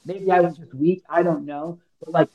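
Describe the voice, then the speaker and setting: Recorded with lo-fi sound, a thirty-something man from Illinois, United States, shares a personal story on a podcast at normal speed. His voice is on the high side and steady, and his style is casual, slangy and emphatic, with quoted lines acted out.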